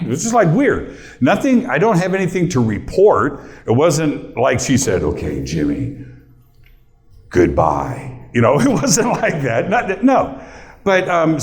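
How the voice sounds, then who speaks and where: A middle-aged male host talking casually and personally to a live audience, choked up and near tears, chatting with the crowd. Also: medium pitch. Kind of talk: casual emotional talk to a room.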